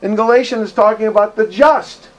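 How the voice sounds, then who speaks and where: High-voiced emphatic preacher. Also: male voice, fairly even intonation, fairly quick. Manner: impassioned, emphatic, swings from loud to quiet. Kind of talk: sermon.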